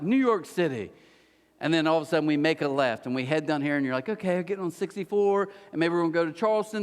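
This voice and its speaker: A man preaching a sermon as pastor, telling stories with energy and acting out the voices of the people in them. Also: sits high. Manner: animated storytelling, acts out voices. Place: large church hall. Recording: reverberant church hall.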